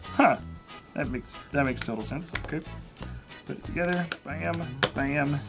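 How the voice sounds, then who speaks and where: A man's voice: fairly high pitch, unhurried, music in the background. A man hosting a live building stream, chatting casually and rambling as he corrects himself. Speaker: livestream host. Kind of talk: casual live unboxing chat.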